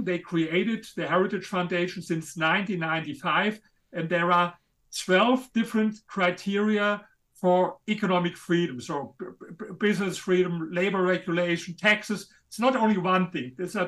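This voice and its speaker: A man with a German accent, a guest author making his case in an interview, speaking emphatically and a little haltingly. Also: high voice, a bit bright. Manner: emphatic, a bit halting, non-native grammar. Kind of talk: interview conversation.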